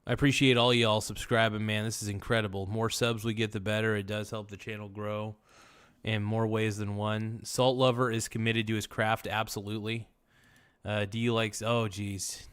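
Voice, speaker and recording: A man hosts a casual livestream, rambling, joking with chat viewers and chanting silly phrases. His voice sits fairly low with little pitch movement, at a normal speed. The tone is fairly bright, clear and resonant.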